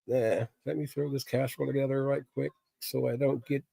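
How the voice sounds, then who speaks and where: A middle-aged man at a medium pitch chats casually with his livestream viewers. He rambles in a plain-spoken, candid way, full of fillers. The recording sounds dry and close, with no room echo. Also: little pitch movement, normal speed, gravelly, mellow, husky. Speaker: livestream host chatting with viewers.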